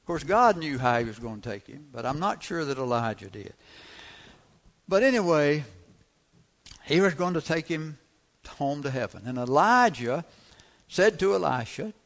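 A male preacher delivering a sermon in a gravelly, fry-edged voice that sits a little high for a man. He leans on his key phrases and says them again and again. He keeps turning to the congregation with rhetorical questions. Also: fairly bright tone.

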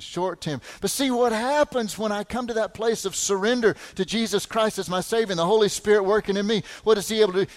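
A middle-aged man preaching a sermon, animated, full of rhetorical questions and repeated words. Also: sits high. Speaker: pastor.

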